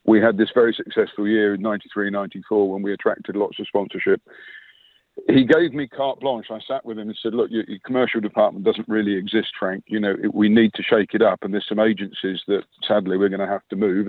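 A man's voice: lowish voice, dry recording. A man in his sixties, an interview guest, recalling past work in long reflective anecdotes full of quoted dialogue. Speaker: interview guest, former sponsorship manager. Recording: dry tinny phone-line sound.

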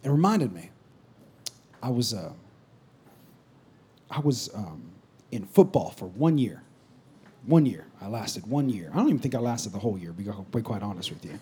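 A man preaching a conversational sermon as a pastor to a congregation, swinging from loud exhortation to quiet asides. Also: on the low side, sing-song, moderate pace, long pauses, slightly rough. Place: church stage before a congregation.

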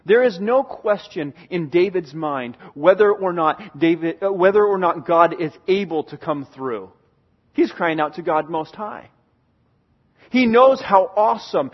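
A man with a high, light voice preaches to his congregation in an earnest, emphatic way, circling back to key phrases again and again. The recording is dull and somewhat lo-fi, with the top end muffled. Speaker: pastor. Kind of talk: sermon. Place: church in Oregon.

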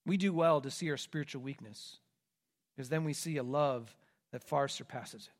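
A man preaching a sermon, swinging between loud, emphatic declarations and hushed, quiet asides. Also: medium pitch, normal speed. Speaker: pastor.

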